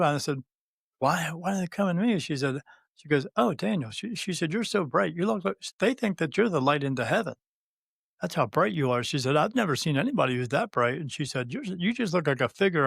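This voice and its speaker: A man's voice: a little high, creaky, a bit bright, breathy edge, dry recording, studio quality. A man in his fifties, a guest on an interview, telling a personal story with many fillers and restarts and acting out the quoted dialogue. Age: 50s. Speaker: guest, spirit medium.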